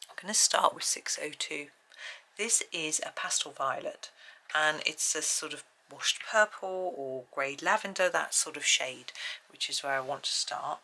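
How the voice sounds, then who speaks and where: A woman's voice: deep voice, measured pace, vocal fry, sharp tone. A woman hosting a colouring channel at home, chatting and thinking aloud as she works through a casual tutorial.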